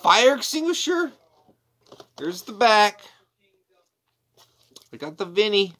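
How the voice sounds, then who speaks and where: A man's voice: sits high, sing-song, slow pace, fairly bright tone. A man chatting casually at home on his couch, a wrestling figure collector who rambles and throws in crude jokey asides. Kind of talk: casual unboxing chat.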